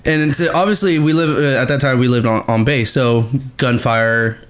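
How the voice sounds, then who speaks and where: A man's voice: mid-range voice, fairly even intonation, normal speed, a bit bright. A man telling a paranormal story in casual podcast chat, swearing constantly and acting out the sounds he heard.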